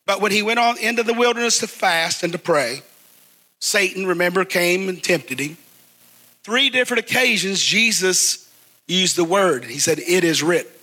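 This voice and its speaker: A man's voice: high voice, animated, normal speed, sharp tone. A middle-aged man preaching a sermon as pastor, who has the congregation repeat phrases after him. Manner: call-and-response preaching, asks the crowd to repeat.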